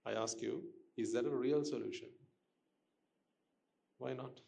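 A man's voice: mid-range voice, steady tone, a little slow, vocal fry, warm tone, slight background noise. A man giving a Buddhist dharma talk to listeners, questioning them and repeating his points for emphasis. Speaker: Buddhist teacher.

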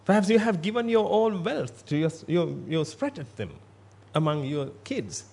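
A man's voice: sits high, sing-song, moderate pace, vocal fry, a little mellow, slightly rough. A man giving a Buddhist sermon in a blunt, emphatic way, repeating himself for stress. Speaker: Buddhist monk.

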